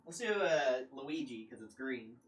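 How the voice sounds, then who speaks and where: A man's voice: mid-range voice, lively intonation, measured pace, very noisy. Young guy streamer, rambly and jokey, talking to himself between little laughs, plain mid voice. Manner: joking, rambling self-talk with frequent laughs. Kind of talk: casual livestream chat.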